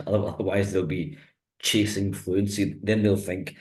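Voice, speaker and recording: Deep-voiced man who stutters. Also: fairly even intonation, slow pace, rough recording. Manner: stutters with repetitions and blocks, reflective and soft-spoken. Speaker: host. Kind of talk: conversational interview.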